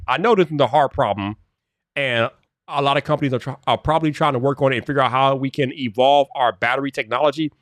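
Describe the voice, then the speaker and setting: A man's voice: a little high, dry recording, clean studio sound. A man hosting a casual tech live stream and chatting to viewers' comments. He talks in loose slang, stumbles over repeated words and grows exasperated when things glitch.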